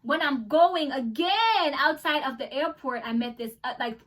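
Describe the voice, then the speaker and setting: Lively, high-voiced American woman vlogger. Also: normal speed, recorded from a distance. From United States. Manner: animated, acts out voices in the story. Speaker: travel vlogger. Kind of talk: casual storytelling vlog.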